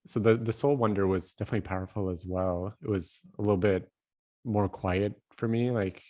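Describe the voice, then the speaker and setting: Very deep-voiced male podcast host. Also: brisk. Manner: calm, attentive listener with soft fillers. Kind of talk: conversational interview.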